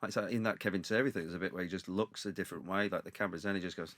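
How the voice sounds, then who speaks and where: A comedian telling rambling anecdotes in casual chat, acting out quotes in lively voices. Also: male voice, deep voice, racing, no room sound. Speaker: comedian guest.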